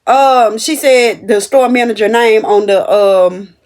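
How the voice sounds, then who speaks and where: A young woman telling a story about her cashier job to her viewers, animated and emphatic. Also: fairly high pitch, takes it slowly. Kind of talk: casual storytelling to camera.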